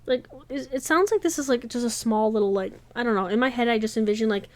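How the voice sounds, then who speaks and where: A woman's voice: on the high side, fast talker, no room sound. A woman reading a novel aloud, breaking off into chatty asides full of likes.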